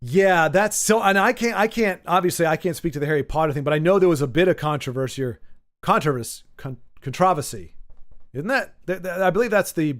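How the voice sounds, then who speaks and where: A man with a slightly higher-than-usual voice talks casually to his stream viewers. He rambles, often restarts mid-sentence and stumbles over repeated words. His asides have a dry, sarcastic edge. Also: fast talker. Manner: wry and sarcastic.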